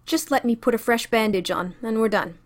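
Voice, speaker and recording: Woman reading as a caring male doctor, soft and concerned, slightly raised voice. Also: fairly high pitch, fairly quick, pitched above the performer's own voice, natural voice. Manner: soft, concerned, sometimes swearing. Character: gentle, worried male doctor tending wounds. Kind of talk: audiobook character reading.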